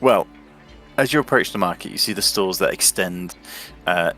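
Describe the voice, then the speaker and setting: Low-voiced man narrating a tabletop game. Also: animated, pushed and bright, soft background music. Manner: measured, with frequent ums. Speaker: dungeon master.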